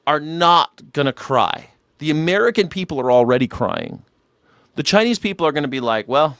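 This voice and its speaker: A man's voice: on the high side, a bit bright, no room sound, clean studio sound. A man from California hosting a live news reaction stream, rambling and swearing as he chats with viewers. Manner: profane, rambling, chatty with chat readers. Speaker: news reaction show host. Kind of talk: casual live-stream commentary.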